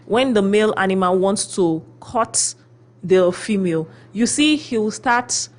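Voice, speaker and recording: A woman hosting a radio advice segment, her voice sitting at an ordinary middle pitch. She talks through her points in a lively way and acts out quoted people as she goes. She keeps checking in with her listener by asking "okay?". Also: measured pace. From Philippines. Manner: animated storyteller, acts out quotes; often adds "okay?" to check in. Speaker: radio host giving relationship advice. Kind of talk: radio talk show advice.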